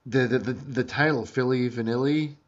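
Stammering excitable young man, lo-fi. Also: mid-range voice. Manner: animated, stammering restarts, quick asides. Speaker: podcast host. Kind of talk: casual review chat. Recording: dull lo-fi audio.

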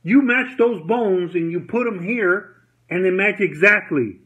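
Agitated man ranting, high voice. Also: a little slow, pushed and bright. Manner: agitated, repeats himself, swears, retells quotes. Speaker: vlogger. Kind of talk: angry personal rant to camera. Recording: dull lo-fi audio.

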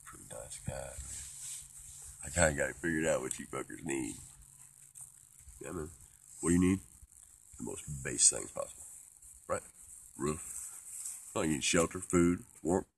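A man delivering a profane, rambling philosophical monologue, swinging between loud outbursts and hushed whispers. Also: rumbling low, expressive, normal speed, vocal fry, long pauses, breathy edge. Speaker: vlogger.

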